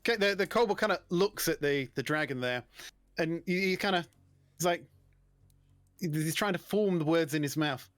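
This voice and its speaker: A man narrating a tabletop game as game master, relaxed and prone to stammering restarts. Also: a little high, moderate pace, pauses often, dry recording, clean studio sound.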